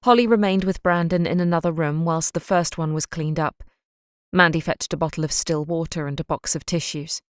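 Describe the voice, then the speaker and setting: Audiobook narrator, woman, low and slow, dry booth sound. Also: steady tone, clear, resonant tone, no echo. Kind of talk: scripted narration.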